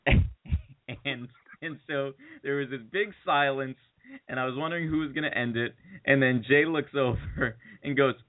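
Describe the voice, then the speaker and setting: Male podcast host, rambling storyteller, laughing, mid-pitched, tinny phone-like audio. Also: a little slow. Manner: rambling, laughing while telling stories. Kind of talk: casual chat, storytelling.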